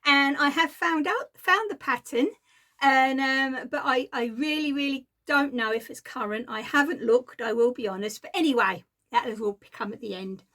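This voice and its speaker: A woman from southeast England chatting casually on a craft vlog, slightly croaky, rambling and laughing often. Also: high-pitched, normal speed, fairly bright tone. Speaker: craft podcaster.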